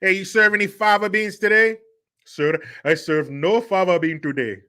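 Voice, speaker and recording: A man voicing a foul-mouthed, gruff New York Italian prank caller with a brash, loud, cursing manner and a New York Italian accent. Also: high voice, steady tone, moderate pace, pitched above the performer's own voice.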